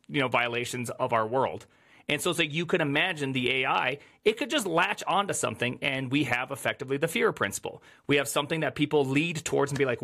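A man co-hosting a casual panel chat, telling a long, excitable, rambling story. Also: a little high, vocal fry. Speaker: podcast co-host.

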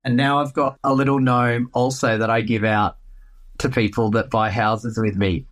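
A man, a real estate agent answering interview questions in a playful, animated way. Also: mid-range voice, moderate pace.

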